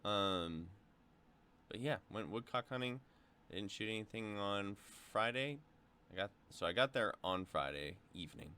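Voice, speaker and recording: Casting note: male co-host, low voice, easygoing, chats casually. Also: animated, normal speed, sharp tone, clean tone. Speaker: podcast co-host. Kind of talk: casual chat.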